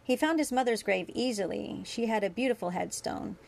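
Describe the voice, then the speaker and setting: A woman reading her fan fiction aloud in a steady narrating manner. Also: fairly high pitch, brisk, vocal fry. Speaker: story reader.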